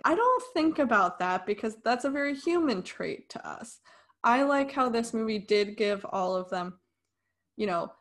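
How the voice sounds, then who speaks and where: A young woman talks through a film review on a podcast, and her talk is chatty and opinionated. Her voice sits at an ordinary middle pitch. She drops into dry sarcasm now and then. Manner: animated, opinionated, sarcastic asides. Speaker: podcast co-host. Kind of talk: casual film review chat.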